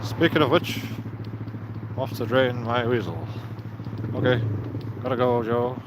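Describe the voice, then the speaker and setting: A man's voice: medium pitch, measured pace. A man, rambling and joking as he walks outdoors for his vlog, a bit out of breath. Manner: joking, chatty, laughs often. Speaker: vlogger. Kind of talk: rambling casual walk-and-talk. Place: outdoors on city streets at night. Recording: noisy outdoor street recording.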